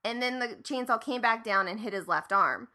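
A bright, fairly high-voiced woman in her thirties, telling a family story in loose conversation. She leans into quoted lines with lively emphasis and swears casually as she goes. She grew up in Ohio. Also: normal speed. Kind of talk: casual chat.

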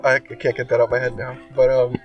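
A man's voice: mid-range voice, monotone, fast talker, far from the mic, lo-fi sound, soft background music. A man co-hosting a casual podcast chat. He rambles and packs his talk with "like" and "um". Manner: rambling, filler-heavy with many likes and ums. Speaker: podcast co-host.

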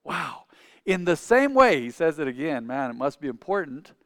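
A man preaching a sermon to a church congregation. He talks conversationally, asks the congregation questions, and swings between loud, emphatic points and quiet asides. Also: fairly high pitch, big pitch swings, moderate pace, creaky, no room sound, studio quality. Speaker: pastor.

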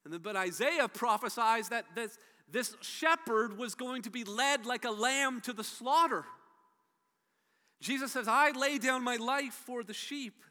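Bright-voiced preacher man in a big hall. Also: very high-pitched, unhurried. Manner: emphatic preaching, swings from soft to loud. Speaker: pastor. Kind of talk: sermon.

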